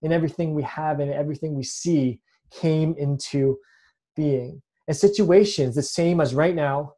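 Earnest man preaching, dark mellow voice. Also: fairly high pitch. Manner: earnest, repeats words when restarting. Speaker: pastor. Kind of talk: sermon.

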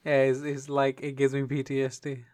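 A young man from the UK trades crude, teasing jokes in casual podcast chatter. His voice sits at an ordinary middle pitch, and he swears freely. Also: completely flat delivery, a little fast, heavy background noise. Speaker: podcast co-host.

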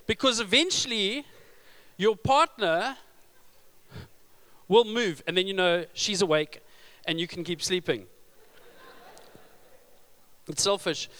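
Pastor, male, bright and tense tone, sermon storyteller with punchy emphasis. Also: high-pitched, measured pace, pauses often, clean tone. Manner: storytelling with humor, rising to loud emphasis.

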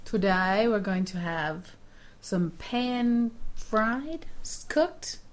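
A woman co-hosting a podcast, chatting casually and giving advice, animated and quick to laugh. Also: mid-range voice. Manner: chatty, laughs often, animated when making a point. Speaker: podcast co-host.

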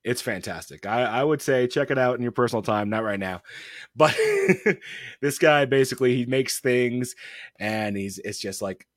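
A man's voice: medium pitch, normal speed, no room sound, clean studio sound. A man hosting a casual podcast from home, telling funny stories about his young daughter with laughter and swearing. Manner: storytelling, laughing, profane. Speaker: podcast host and father. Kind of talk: casual comedic chat.

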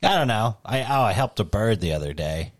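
A man's voice: on the low side, expressive, a little fast, no echo. A man co-hosting a podcast, telling a rambling, swear-heavy story in casual chat. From New England. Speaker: podcast co-host.

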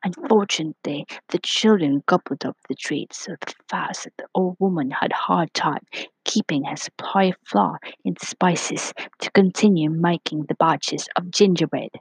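Husky woman reading a storybook aloud. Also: on the low side, normal speed, no echo, poor audio. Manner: slips into whispers for suspense. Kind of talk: storybook read-aloud narration.

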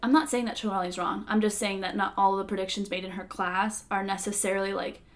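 Gravelly-voiced young woman, thoughtful. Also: medium pitch, steady tone. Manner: thoughtful, measured, hedging opinions. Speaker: podcast co-host. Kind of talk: casual chat.

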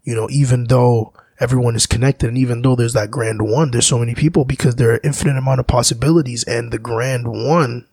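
A man, a musician, talking in a slow, searching, philosophical way, often restarting his sentences. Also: medium pitch, steady tone, gravelly, darkish tone, slightly rough, dry recording. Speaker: musician guest. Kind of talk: reflective conversation.

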